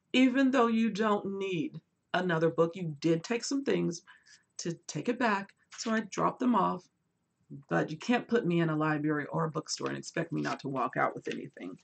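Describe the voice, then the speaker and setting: A booktube host chats animatedly on a casual book livestream, reading viewer comments aloud and swinging between lively bursts and quiet asides. Her voice sits on the low side, creaky and husky, at a normal speed.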